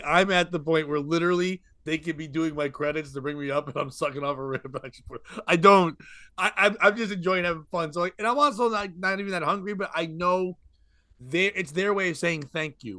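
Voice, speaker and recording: A man's voice: fairly high pitch, no echo, studio quality. A man telling a long rambling comedy story in casual podcast chat. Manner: rambling, animated, quick asides and laughs.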